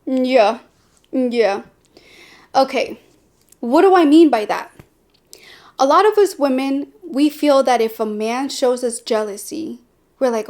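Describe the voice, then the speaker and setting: Sassy high-voiced woman giving blunt dating talk. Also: takes it slowly, long pauses. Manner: blunt, sassy and animated, with sarcastic asides. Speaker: podcast host. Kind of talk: candid personal talk.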